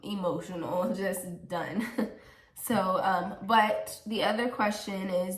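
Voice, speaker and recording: A young woman talks through viewer questions in a relaxed, chatty way. She laughs often and wears her feelings openly. The room around her is echoey. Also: mid-range voice, slow. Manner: giggly and emotional, laughs often. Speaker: vlogger answering viewer questions. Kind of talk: casual Q&A chat. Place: home.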